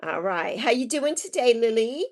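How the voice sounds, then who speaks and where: A fairly high, very animated woman's voice swoops up and down as she chats with her live-stream viewers. She sounds affectionate and sympathetic, calling people endearing names and repeating her kind wishes. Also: moderate pace. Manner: sympathetic, repeats herself softly. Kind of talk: casual chat reading viewer comments.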